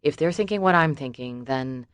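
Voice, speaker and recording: A woman voicing a calm, firm, protective man on guard, for an audiobook. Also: rumbling low, normal speed, no room sound. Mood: steady.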